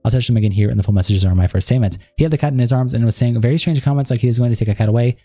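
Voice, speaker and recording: A man hosting a livestream, quickly reading text messages and written statements aloud. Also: mid-range voice, mellow, dry recording. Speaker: livestream host.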